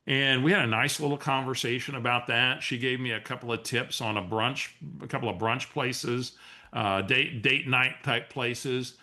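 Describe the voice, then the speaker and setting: A man leading a coaching webinar, telling a story in an animated, restarting way. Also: mid-range voice, moderate pace. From San Antonio area, US. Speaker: real estate coach. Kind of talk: webinar training talk.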